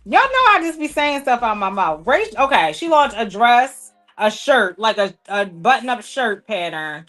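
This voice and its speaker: A woman's voice: on the high side, big pitch swings, moderate pace, few pauses, fairly bright tone, faint music behind. A woman hosting a sewing livestream, chatting playfully with viewers and people off camera, with speech. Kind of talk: casual livestream chat while sewing.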